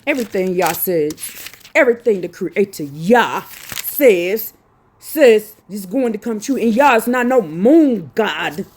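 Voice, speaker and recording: A woman's voice: medium pitch, lively intonation, takes it slowly, darkish tone, slight background noise. A woman preaching a fervent, scolding sermon, reading scripture aloud and crying out as she repeats her phrases. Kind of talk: impassioned street-style sermon with scripture reading.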